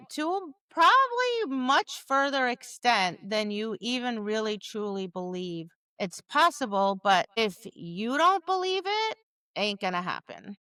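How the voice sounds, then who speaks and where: A woman's voice: on the high side, pushed and bright, smooth, no echo. A woman co-hosting a podcast as a dog trainer, talking in an emphatic, casual way that acts out quotes. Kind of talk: casual conversational chat.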